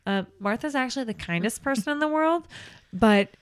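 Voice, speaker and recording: A woman who works as a nanny, co-hosting a podcast in casual chat, earnest and animated. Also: a little high, moderate pace, clear, resonant tone. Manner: warm, earnest, animated storytelling with laughs.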